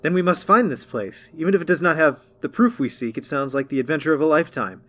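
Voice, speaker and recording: A man voicing an eager young writer who speaks with boyish excitement. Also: fairly high pitch, quick pace, pitched above the performer's own voice, lightly acted. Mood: excited. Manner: bright, excited and animated.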